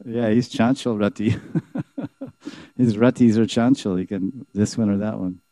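A man telling a devotional story in a sermon, animated and chuckling as he acts out the dialogue. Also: on the low side, a little slow, no echo.

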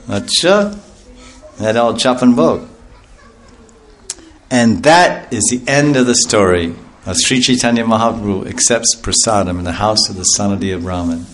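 A man telling a devotional story to an audience in a lively, animated way, laughing often and breaking into loud chanted calls. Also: medium pitch, moderate pace. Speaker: storytelling speaker at a devotional class.

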